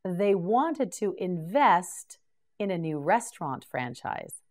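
A woman's voice: on the low side, very animated. A middle-aged woman teaching English vocabulary, saying each word several times and praising the learner. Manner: patient, encouraging, repeats each word slowly. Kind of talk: slow scripted pronunciation drill.

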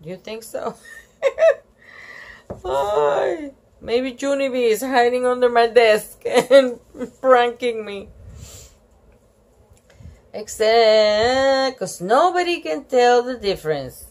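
A woman's voice: fairly high pitch, expressive, slow, long pauses, a little mellow. A woman reading a children's book aloud to camera, breaking off for giggly, chatty asides to the viewer. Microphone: camera on a tripod.

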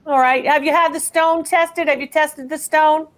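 Brisk high-voiced woman appraiser. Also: steady tone, a bit bright. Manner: brisk, chatty, direct. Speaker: appraiser hosting a live call-in stream. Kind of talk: unscripted live appraisal chat.

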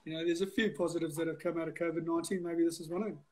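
A man's voice: a little high, little pitch movement, racing. A man from South Africa as a guest on a video call interview, easygoing and self-deprecating.

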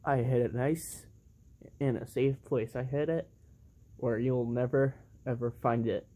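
A sneaky thief gloats in a low mutter about a title belt hidden where no one will find it, as the commentator puts him on. The words come slow and drawn out, with a middling, unshowy pitch. It is a playful toy wrestling role-play. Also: fairly even intonation, warm tone, close to an everyday voice. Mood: gloating.

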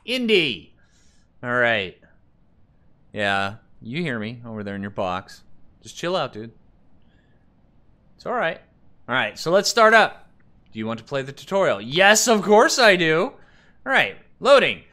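A man's voice: mid-range voice, sing-song, a little slow, pauses often, sharp tone. A man casually commenting on a survival game while picking options and reading the screen text aloud. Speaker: let's play gamer.

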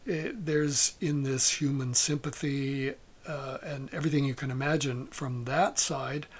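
Slow, husky male music lecturer. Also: medium pitch, steady tone. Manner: slow, halting, with many fillers and soft asides. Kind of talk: lecture on a recording.

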